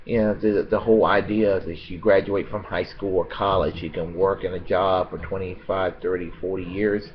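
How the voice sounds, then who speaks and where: An American man giving a rambling, unscripted political monologue, halting with many fillers and restarts and blunt with profanity. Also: sits low, level tone, muffled recording, a little hiss or hum. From United States.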